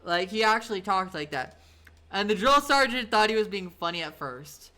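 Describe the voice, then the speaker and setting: A woman in her thirties chats on a live stream from her home setup, her voice bright and sharp. She rambles loosely through her stories, with plenty of fillers and the odd swear word, and her tone stays clean and crisp. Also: mid-range voice, animated, moderate pace. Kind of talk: casual storytelling on a live stream.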